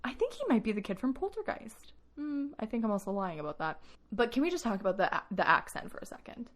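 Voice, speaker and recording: A young woman co-hosting a podcast, telling stories in a lively, laughing way during casual chat. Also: a little high, quick pace. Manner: animated storyteller, laughs often. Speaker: podcast co-host.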